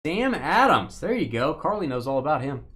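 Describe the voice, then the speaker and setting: A man's voice: mid-range voice, expressive, fast talker. A man hosting a live card break stream, reading out cards and teasing his viewers and co-host in a joking, rambling way.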